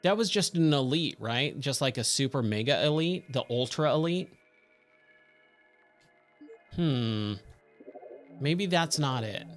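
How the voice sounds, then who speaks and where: A man's voice: medium pitch, expressive, takes it slowly, pauses often, faint music behind. A man with a Californian accent giving casual let's-play commentary, chatting and exclaiming at the game in surfer slang. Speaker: streamer; trainer at day job.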